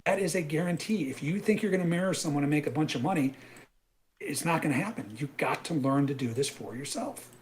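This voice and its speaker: A man's voice: a little high, fairly quick. Emphatic man ranting on a trading webinar. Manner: emphatic, repetitive, asks "right?" often. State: out of breath. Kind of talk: animated live webinar rant.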